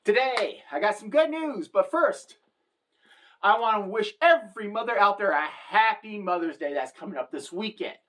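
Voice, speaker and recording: A woman's voice: mid-range voice, animated, moderate pace, a bit bright. A middle-aged woman telling a comedic story as a satirical vlogger, brash and chatty.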